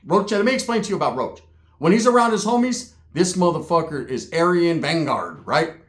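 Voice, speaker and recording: A man with a slightly high voice, swinging widely in pitch and talking a little fast, tells a rowdy comic street story. He swears freely and tags his lines with "right?" to check in with listeners. The audio is echoey, like it was captured in a bare room.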